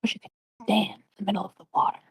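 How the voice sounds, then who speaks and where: A woman playing a game with friends, reacting playfully in casual chat. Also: rapid-fire. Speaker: co-player.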